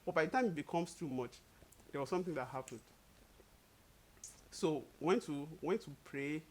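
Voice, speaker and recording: An easygoing young man in a relaxed conversation, his voice sitting a little higher than most men's. He laughs often and slips into playful quoted voices while telling stories. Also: moderate pace. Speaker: co-host. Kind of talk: casual couple chat.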